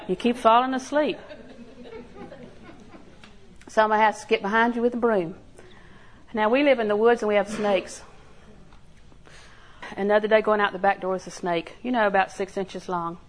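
A woman's voice: medium pitch, fairly even intonation, brisk, a little hiss or hum, low-quality recording. An older woman preaching a sermon in a folksy storytelling way, acting out little quotes and laughing along. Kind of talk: sermon with homey stories.

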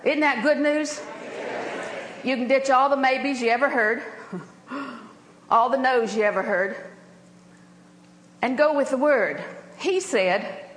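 An older woman preaching a sermon with lively storytelling and frequent laughter. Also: sits high, slow, long pauses, roomy sound, a little hiss or hum, rough recording.

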